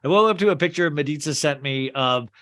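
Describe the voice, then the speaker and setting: A man's voice: on the high side, quick pace, fairly bright tone. A man hosting a podcast, casually recapping a movie and acting out lines from it in funny character voices. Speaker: podcast host.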